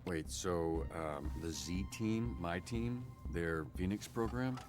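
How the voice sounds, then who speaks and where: A man's voice: low-pitched, slow pace, music in the background. An actor playing a hesitant new male dispatcher who asks dry questions, in a video game.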